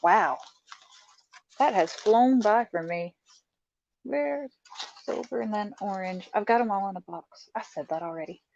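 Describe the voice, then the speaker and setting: A woman's voice: medium pitch, slow pace, creaky, pauses often, a little mellow, slight background noise. A middle-aged woman, chatting casually on a live stream as she shows off a craft haul, laughing often and talking to her viewers. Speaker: livestream host showing a craft haul. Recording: dull, muffled lo-fi sound.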